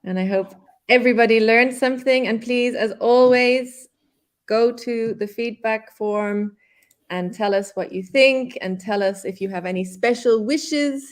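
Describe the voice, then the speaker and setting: A woman hosting a live online English lesson, patiently explaining and repeating words. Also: mid-range voice.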